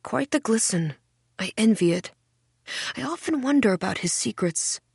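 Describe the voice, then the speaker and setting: A woman reading a first-person audiobook in a wry, measured, deadpan way. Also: on the high side, creaky, husky, no echo, studio quality. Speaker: audiobook narrator. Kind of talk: first-person literary narration.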